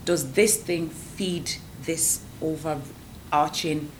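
A middle-aged woman, a guest entrepreneur, chatting casually and telling animated stories full of quoted voices. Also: sits low, drawn-out words, slight background noise, poor audio. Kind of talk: casual podcast chat.

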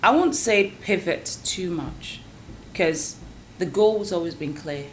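Low-voiced woman telling animated stories. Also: takes it slowly, a little hiss or hum, low-quality recording. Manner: animated storytelling, acts out quoted voices. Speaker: guest entrepreneur. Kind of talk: casual podcast chat.

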